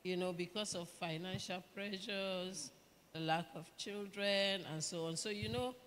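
A middle-aged Nigerian woman shares her experience in a calm, reflective tone, often breaking into light laughter. Her voice rings with the long reverb of a church hall, with a faint hum of ambience underneath. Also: medium pitch. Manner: gentle, reflective storytelling with laughter. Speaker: pastor's wife, panelist. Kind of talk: testimony on a church panel.

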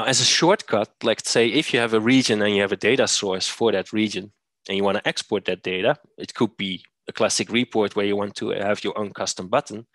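A man presenting a software demo, walking through steps methodically with occasional fillers. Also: fairly low pitch, dry recording. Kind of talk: screen-share software demo.

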